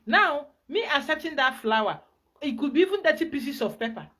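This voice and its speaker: A woman with a Nigerian accent, a spiritual guide giving an emphatic, animated teaching talk. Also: high-pitched, fairly quick.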